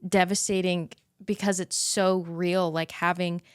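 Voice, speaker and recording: A woman hosting a podcast who asks gentle, empathetic questions in an interview conversation. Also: lowish voice, flat delivery, measured pace, clear, resonant tone, no echo, studio quality. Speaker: podcast host. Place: podcast studio.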